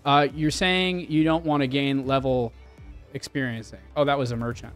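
A man's voice: mid-range voice, steady tone, moderate pace, fairly bright tone, soft background music. A young man chatting casually and swearing while he streams a game and talks to his chat. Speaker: livestreamer. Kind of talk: casual live game commentary.

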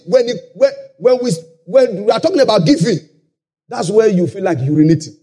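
A man with a Nigerian accent preaching a sermon, shouting key lines and lapsing into a sing-song cadence. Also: very high-pitched, animated, normal speed, breathy edge. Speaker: pastor. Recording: live conference hall.

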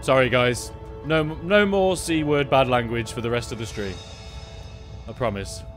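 A man's voice: mid-range voice, measured pace. A man chatting and joking casually while streaming a space game live, swearing now and then. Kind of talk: live gameplay commentary. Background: game music.

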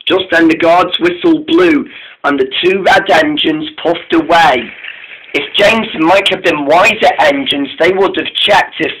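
A man's voice: on the high side, measured pace, fairly bright tone, slight background noise, low-quality recording. A man telling an improvised story about steam engines, often stumbling and restarting his sentences.

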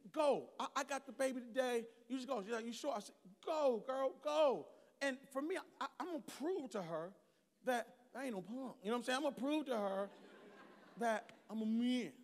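A middle-aged man preaching a sermon as pastor, swinging from shouted calls to storytelling. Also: very high-pitched, a little hiss or hum. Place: large church hall. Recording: long hall reverb.

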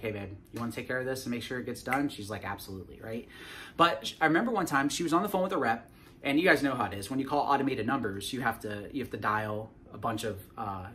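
A man's voice: mid-range voice, fairly bright tone, slight background noise. A man giving a casual sales coaching talk to the camera, often tagging his points with "right?" and repeating words as he restarts.

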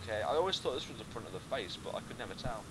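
A man's voice: lowish voice, expressive, a bit bright, poor audio. A British man co-hosting a game playthrough, joking in casual commentary. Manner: silly joking, quick to laugh.

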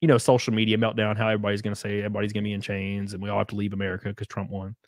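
A man's voice: lowish voice, monotone, rapid-fire, no room sound, studio quality. A man chatting casually on a podcast, telling blunt, crude stories. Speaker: podcast host.

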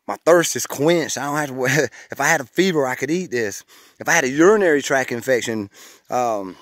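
Guy vlogging on a trail, folksy and excited, dry sound. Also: mid-range voice, moderate pace, dry recording. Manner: folksy, enthusiastic, keeps saying "y'all". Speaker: vlogger foraging on a hiking trail. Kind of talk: casual outdoor vlog chat. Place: outdoors on a wooded trail.

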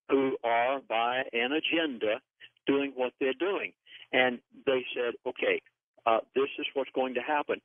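A man's voice: medium pitch, dry recording. Serious man on a phone line into a radio show, earnest and emphatic, tinny and dry. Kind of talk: call-in radio interview.

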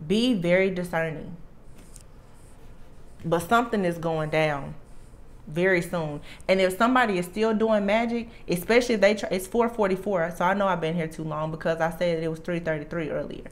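A woman's voice: on the low side, normal speed. A woman with a Southern US accent giving a tarot reading, speaking emphatically and repeating her warnings. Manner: emphatic, repeats warnings, drawls "I'm telling you". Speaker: tarot reader. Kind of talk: channelled tarot reading to camera.

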